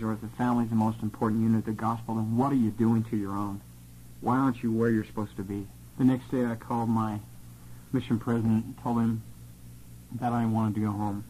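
A man telling a personal testimony of his missionary years in an earnest, steady, plain-spoken way. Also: lowish voice, slight background noise, poor audio.

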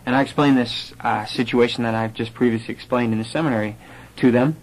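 Man, storytelling talk, conversational, some fillers, mid-pitched voice, acts out the people in his story. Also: fast talker, low-quality recording. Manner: animated storyteller who acts out quoted voices. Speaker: speaker sharing a personal conversion story. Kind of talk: storytelling talk to a live audience.

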